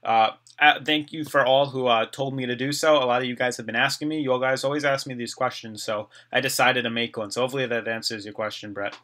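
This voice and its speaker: A man's voice: mid-range voice, fairly even intonation, quick pace, hardly any pauses, sharp tone. Chatty man hosting a live stream. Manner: chatty, reads viewer comments aloud and replies. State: voice getting dry and parched. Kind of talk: casual live stream chat reading comments.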